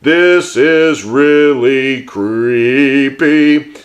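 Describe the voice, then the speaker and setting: A man voicing a cheerful, friendly purple dinosaur puppet, in a slow, sweet, sing-song way. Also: medium pitch.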